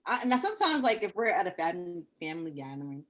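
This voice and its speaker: A woman's voice: on the low side, very animated, quick pace. A woman from New York co-hosting a podcast in casual chat, often laughing and emphasizing her reactions. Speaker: podcast co-host.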